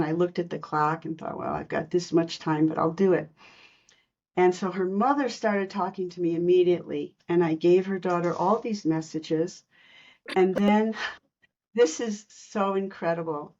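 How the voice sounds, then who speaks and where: Woman, low voice, earnest storyteller, podcast guest, muffled lo-fi sound. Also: moderate pace. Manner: earnest, animated retelling with acted quotes. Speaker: spiritual medium guest.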